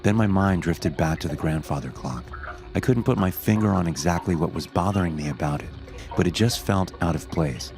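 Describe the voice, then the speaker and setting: A man giving scripted horror story narration in a steady, measured way. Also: sits low, gravelly, music in the background.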